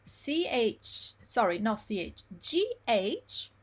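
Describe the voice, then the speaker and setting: A woman teaching pronunciation in a live online lesson, repeating words slowly syllable by syllable. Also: on the high side, sing-song. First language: Italian. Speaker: Italian teacher.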